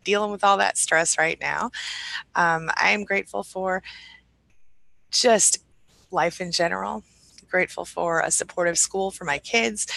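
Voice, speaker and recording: Casting: woman live-stream host, gravelly and bright-toned, upbeat, greets viewers one by one. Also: on the low side, no room sound, low-quality recording. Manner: upbeat, warm greetings to viewers, light laughs. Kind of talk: casual live-stream chat, reading comments.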